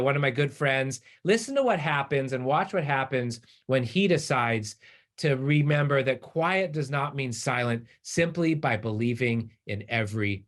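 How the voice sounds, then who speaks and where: Animated male keynote storyteller. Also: mid-range voice. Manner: animated storyteller, acts out voices in quotes. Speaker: keynote speaker.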